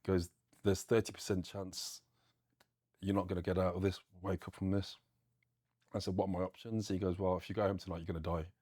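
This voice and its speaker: A man's voice: sits low, little pitch movement, brisk, a little mellow, dry recording, clean studio sound. A man telling a harrowing personal story in an interview, earnest and plain-spoken with frequent fillers. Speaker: guest, gym owner.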